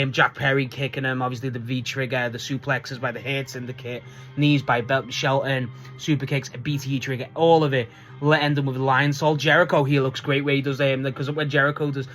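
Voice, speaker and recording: A man's voice: a little high, fairly bright tone. A man reviewing a wrestling show in a casual, rambling way, swearing often and laughing mid-sentence. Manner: rambling, full of restarts and filler.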